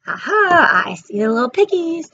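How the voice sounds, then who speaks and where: A woman's voice: mid-range voice, expressive, normal speed, fairly bright tone, a little hiss or hum, close to an everyday voice. A woman doing a gleeful scheming witch. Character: scheming greedy witch hunting piglets. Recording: slightly muffled recording.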